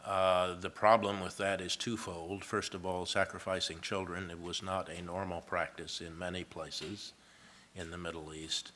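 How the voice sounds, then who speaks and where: Deep-voiced man giving a university lecture. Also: flat delivery, normal speed, pushed and bright, a little hiss or hum. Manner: reads scripture aloud, then explains it with asides. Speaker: professor.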